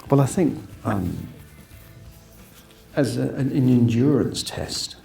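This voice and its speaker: A man in his fifties with a warm, creaky mid-range voice speaks slowly and expressively as an actor in a casual interview, with soft music in the background. His storytelling meanders, full of restarts and impressions of what others said. The sound is roomy and echoey, from a distant mic with faint noise.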